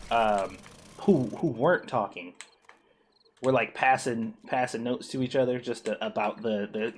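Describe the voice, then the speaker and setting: A man streaming a co-op game, telling a school story in animated, profane casual chat with frequent laughs. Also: medium pitch, a little hiss or hum. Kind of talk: casual chat while gaming.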